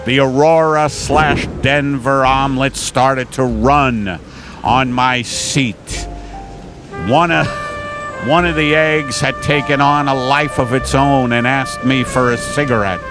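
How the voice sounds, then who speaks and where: A man's voice: mid-range voice, fairly even intonation, takes it slowly, music in the background, poor audio. A man, a comedian hosting a podcast, rambling through absurd improvised bits. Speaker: comedian host. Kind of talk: improvised comic rant.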